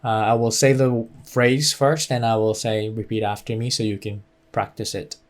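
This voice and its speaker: A man's voice: on the low side, little pitch movement, moderate pace. A man teaching a beginner language lesson, explaining patiently with many fillers and modeling phrases for the listener to repeat.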